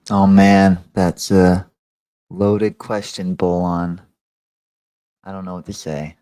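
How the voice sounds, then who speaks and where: Tired man with a deep, dark voice. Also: level tone, takes it slowly, clean tone, no room sound. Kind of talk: casual online chat.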